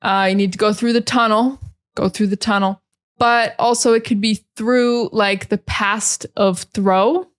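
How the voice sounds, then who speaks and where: A young woman with an American accent, giving a casual pronunciation lesson and repeating words slowly for learners to copy. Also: mid-range voice, fairly even intonation. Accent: General American. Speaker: English teacher.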